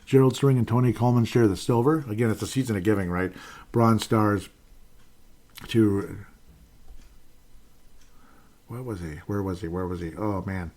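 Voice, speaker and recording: A man's voice: fairly low pitch, moderate pace, pauses often, darkish tone. A man hosting a casual solo sports podcast, rambling along with frequent fillers and restarts. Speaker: podcast host.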